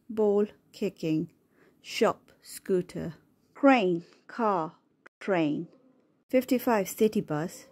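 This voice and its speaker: A woman with a lowish voice reads a picture word book aloud for small children. She says each word on its own, slowly and clearly, with a pause after it. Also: a little mellow. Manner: slow, clear, one word at a time.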